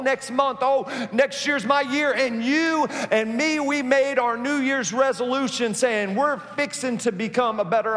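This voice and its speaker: A man's voice: high voice, in a large hall. A man preaching a sermon as pastor, folksy and stumbling over his words with many restarts, in a church.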